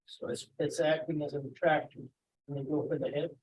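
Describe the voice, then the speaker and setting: A man in the audience asks the presenter brief curious questions. His voice is husky and sits a little high. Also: fairly even intonation, fairly quick, a little mellow, low-quality recording. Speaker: audience member.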